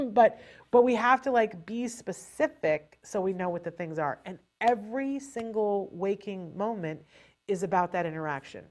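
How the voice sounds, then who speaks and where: Animated woman host giving parent advice. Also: mid-range voice, a little slow. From California, USA. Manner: animated, acts out playful baby talk to a child. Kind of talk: parent advice talk on a live show.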